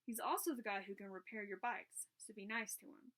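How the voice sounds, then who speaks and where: A woman's voice: mid-range voice, lightly acted. A woman reading aloud, voicing a cheerful, upbeat male tour guide in a storybook. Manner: bright, brisk, friendly.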